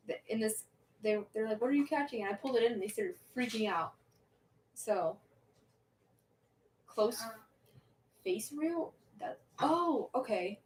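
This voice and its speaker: A woman's voice: on the high side, far from the mic, slight background noise, low-quality recording. A young woman hosting a livestream, chatting casually and answering viewer questions, rambling and restarting her sentences with little laughs. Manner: rambling, self-interrupting, giggly. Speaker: livestream host.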